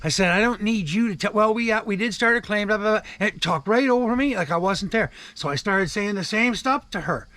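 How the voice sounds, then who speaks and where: Older Canadian man ranting, high voice. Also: fairly quick, few pauses, sharp tone, dry recording. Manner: profane, repeats "I said" while retelling calls. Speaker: vlogger. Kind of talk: angry ranting monologue. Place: home in the wilderness.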